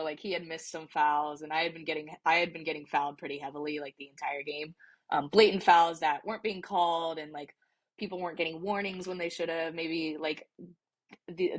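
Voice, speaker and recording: Low-voiced young woman telling a story. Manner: chatty, many "like" fillers and restarts. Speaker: podcast guest, soccer player. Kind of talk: casual storytelling.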